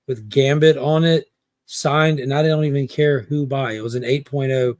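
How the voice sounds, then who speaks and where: A man in casual livestream chat, telling a haggling story and acting out the quotes in an animated way. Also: mid-range voice, normal speed, no echo, clean studio sound. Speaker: comic collector guest.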